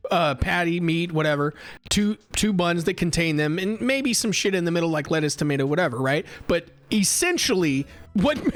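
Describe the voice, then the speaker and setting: A young man streaming live, telling an animated, profane story and reading chat. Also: high voice. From United States. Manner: animated and profane, acts out heated exchanges.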